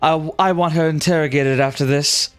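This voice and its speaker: A man voicing a sinister, mocking female villain who speaks with slow, amused menace. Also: on the high side, fairly even intonation, soft background music, lightly acted. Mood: taunting.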